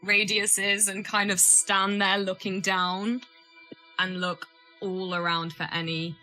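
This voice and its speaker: A woman's voice: medium pitch, flat delivery, takes it slowly, pushed and bright, faint music behind, low-quality recording. A woman playing a tabletop game, casual and self-deprecating. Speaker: player.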